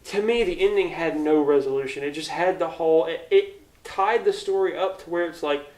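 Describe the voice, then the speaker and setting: A young man co-hosting a casual movie review podcast, retelling scenes in a rambling, animated way. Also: a little high, brisk, distant mic. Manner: rambling, animated retelling with put-on quotes and laughs. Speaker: podcast co-host. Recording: echoey room, speaking away from the mic.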